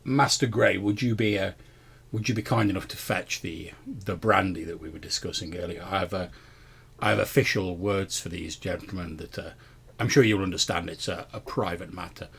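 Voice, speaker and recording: A man voicing a stern, probing male witch hunter who speaks in measured, formal phrases. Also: low voice, vocal fry, fairly bright tone, husky, full character voice. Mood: formal, grave. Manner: measured, formal, stammers slightly.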